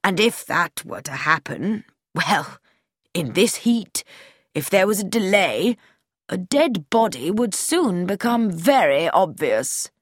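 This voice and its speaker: A woman's voice: on the low side, very animated, slow, breathy edge, dry recording, studio quality, exaggerated voice. A woman voicing a cold, mocking middle-aged male commander who turns falsely genial, in an audiobook reading. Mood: menacing.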